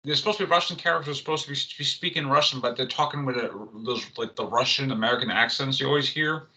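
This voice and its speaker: A man's voice: medium pitch, quick pace, sharp tone, rough recording. A man co-hosting an entertainment podcast, talking casually with lots of restarts and fillers. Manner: rambling, many restarts and fillers. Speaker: co-host.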